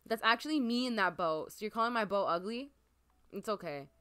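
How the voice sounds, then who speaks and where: Gushing excitable woman streamer. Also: mid-range voice, a little fast, clean tone. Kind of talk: casual gameplay commentary.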